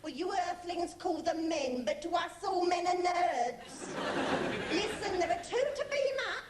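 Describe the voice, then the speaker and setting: A woman's voice: very high voice, lively intonation, over a noisy crowd, heavy background noise. A woman playing a brash, bossy all-powerful alien in a comedy sketch, rude and mocking. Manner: rude, mocking, slow and loud. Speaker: comic actor in a sketch. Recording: echoey studio, loud audience laughter.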